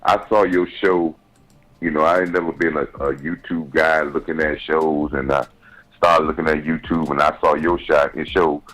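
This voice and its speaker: A man with an extremely deep, low voice calls into a show. He speaks haltingly and keeps restarting. The talk is casual and friendly. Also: fairly even intonation, fairly bright tone, poor audio. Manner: halting, restarts and repeats words. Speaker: caller, a fellow fan. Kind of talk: casual phone-in chat.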